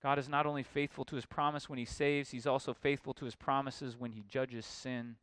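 A man preaching an expository sermon, emphatic and building to forceful points. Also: medium pitch, level tone, a little fast. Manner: emphatic, rising to forceful exclamations.

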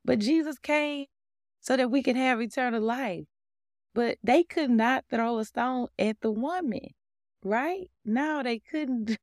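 Woman preaching casual on her podcast, aave, lots of laughs, bit of vocal fry. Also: fairly high pitch, takes it slowly, no echo, studio quality. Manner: animated, conversational, laughing often. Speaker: podcast host. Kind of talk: informal devotional teaching.

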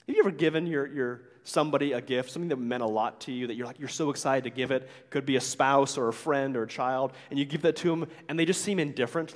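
A pastor preaches a sermon in a slightly high, slightly fast voice with a long reverb tail. He keeps it conversational, dropping frequent "right?" asides and acting out the complaints he quotes.

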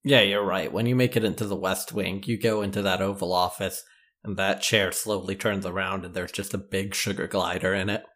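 A man's voice: sits low, steady tone, a little fast, fairly bright tone. A man co-hosting a podcast in casual chat, teasing and laughing often. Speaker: podcast co-host.

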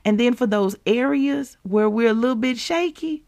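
Gravelly woman preaching to listeners. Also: fairly high pitch, normal speed, hardly any pauses. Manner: animated, laughs often, addresses listeners as y'all. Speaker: podcast host and preacher. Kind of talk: devotional teaching with scripture reading.

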